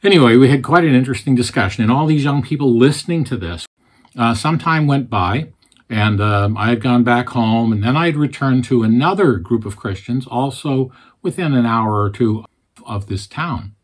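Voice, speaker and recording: A man's voice: mid-range voice, moderate pace, husky. A man giving an earnest storytelling sermon, plainly retelling his conversations. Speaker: Christian speaker.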